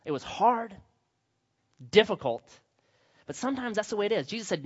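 A middle-aged man preaching a sermon as pastor, telling stories with animated quoted voices. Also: high-pitched, moderate pace, long pauses, husky, highs cut off.

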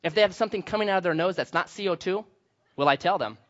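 A middle-aged man preaching a sermon as pastor, telling stories with animated quoted voices. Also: high-pitched, fast talker, highs cut off.

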